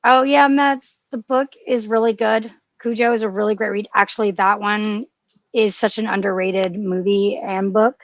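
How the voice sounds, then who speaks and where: A woman's voice: medium pitch, fairly even intonation, normal speed, no echo, highs cut off. A woman co-hosting a casual podcast chat, gushing and emotional, with frequent restarts and fillers. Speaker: podcast co-host.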